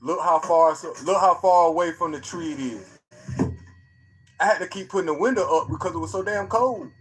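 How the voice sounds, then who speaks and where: An excited man talks to his live chat over his own phone footage. His voice sits a little high, and he repeats himself, breaking in with slangy asides to the viewers. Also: moderate pace, husky. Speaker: streamer showing his own sky footage. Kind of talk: casual live-stream commentary.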